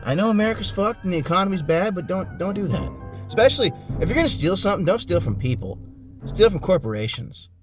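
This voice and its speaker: Rambling, profane podcast host. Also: male voice, sits high, big pitch swings, quick pace, music in the background. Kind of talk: casual book-recap podcast chat. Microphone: online voice call.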